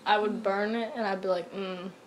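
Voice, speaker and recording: A young woman chatting casually, telling animated childhood stories with lots of laughing and some swearing. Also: medium pitch, brisk, slight background noise. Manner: animated storytelling, laughing, acts out childhood quotes. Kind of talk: casual chat.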